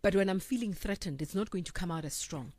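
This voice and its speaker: A woman's voice: on the low side, fast, no echo. A woman hosting a casual talk discussion, acting out quotes as she makes her points. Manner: animated, acts out quotes. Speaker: talk show host.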